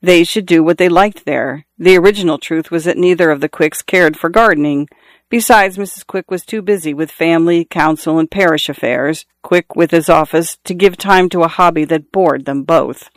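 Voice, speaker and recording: A man reading a novel aloud as narrator, in a measured, even storytelling manner. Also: fairly high pitch, no echo. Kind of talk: scripted audiobook narration.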